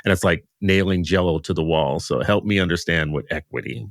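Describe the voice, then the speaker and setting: Male interview host, very low voice, rambling and self-deprecating, dry studio mic. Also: a little fast, dry recording. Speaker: podcast host. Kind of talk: conversational interview.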